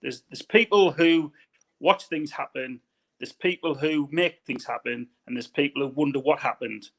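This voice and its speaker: A man's voice: on the high side, moderate pace, vocal fry, fairly bright tone. A man from northern England with a northern English accent, chatting casually as an interview guest and rambling with repeated words.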